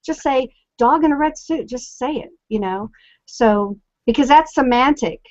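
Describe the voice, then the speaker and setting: A woman's voice: high-pitched, unhurried, darkish tone, no room sound. A woman co-hosting a casual online discussion, chatty and explaining with examples over a video call. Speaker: co-host. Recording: dry, lo-fi call audio.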